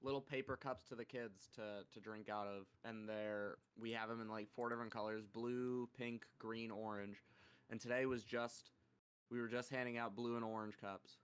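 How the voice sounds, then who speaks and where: A man's voice: on the low side, steady tone, moderate pace, smooth. A young man co-hosting a podcast, casually telling stories about his work, swearing freely and laughing at his own tales. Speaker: podcast co-host. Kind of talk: casual chat.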